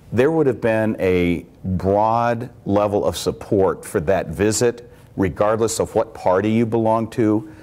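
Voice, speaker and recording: A middle-aged congressman from small-town Iowa, speaking to a campus audience in a measured, explanatory way. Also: lowish voice, darkish tone. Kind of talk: public speaking at a campus event.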